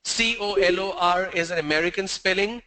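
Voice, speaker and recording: A man's voice: sits high, brisk, pushed and bright. A man teaching pronunciation, strictly answering students' questions and spelling words out letter by letter.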